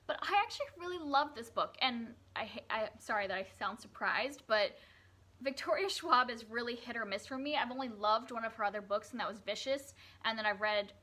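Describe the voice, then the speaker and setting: A young woman with a sharp, medium-pitched voice chats through a casual vlog reviewing books she's read. She talks in a loose, chatty way, full of fillers, restarts and self-corrections.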